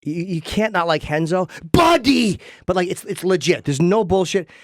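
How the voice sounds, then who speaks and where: Fast, halting male talk show host. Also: high-pitched, no room sound, clean studio sound. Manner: fast and halting, many restarts. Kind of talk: casual talk-show chat.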